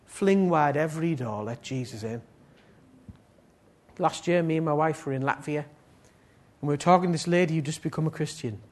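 A man preaching a sermon and leading prayer, swinging between loud pleading appeals and soft, low passages. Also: normal speed.

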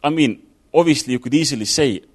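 A man's voice: mid-range voice, fast, breathy edge. A man giving an informal sermon, talking it through casually with fillers and restarts. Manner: conversational, thinking aloud with fillers and restarts. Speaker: preacher.

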